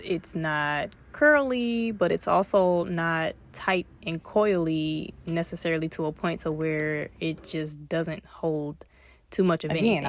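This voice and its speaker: A woman with a Detroit accent, chatting playfully and directly to her viewers in a casual mom vlog. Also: on the low side. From Detroit, USA. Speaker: mom vlogger.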